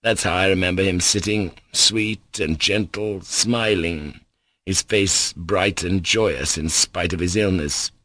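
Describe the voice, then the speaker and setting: A man narrating an audiobook in a measured, slow and solemn way. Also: low-pitched, fairly bright tone, dry recording.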